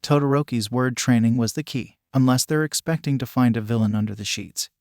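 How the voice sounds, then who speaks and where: A man narrating a fan fiction story in a steady, even reading. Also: medium pitch, brisk, no echo, clean studio sound.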